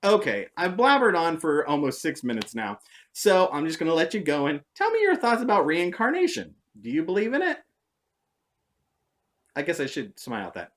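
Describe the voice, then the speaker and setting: A woman telling stories in a casual vlog monologue, sarcastic and animated. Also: normal speed. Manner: animated, sarcastic, jumps between high and low tones. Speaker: vlogger.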